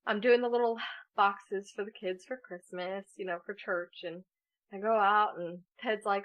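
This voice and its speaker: A woman's voice: medium pitch, normal speed, highs cut off. A woman in her thirties co-hosting a podcast, telling a funny family story in casual chat and laughing often. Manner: animated, laughs often while telling stories. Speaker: podcast co-host.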